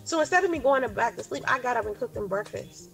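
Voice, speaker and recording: Woman in her 40s, high voice, chatty rambling storyteller, faint music underneath. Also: expressive, quick pace, vocal fry. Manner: rambling, filler-heavy retelling of a conversation. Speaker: storyteller in a clip. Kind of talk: casual storytelling.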